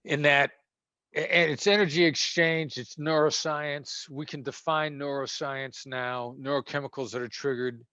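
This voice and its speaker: A man being interviewed as a former hostage negotiator, talking conversationally and acting out tones of voice that move between gentle and sharp. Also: on the high side, fairly even intonation, moderate pace, no room sound, lo-fi sound.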